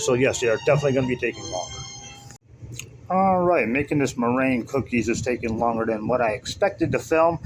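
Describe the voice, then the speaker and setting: A man's voice: mid-range voice, slight background noise, low-quality recording. A man hosting a casual home cooking vlog, rambling and joking at himself as he talks through the recipe. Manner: rambling, self-deprecating, chatty asides. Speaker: channel host.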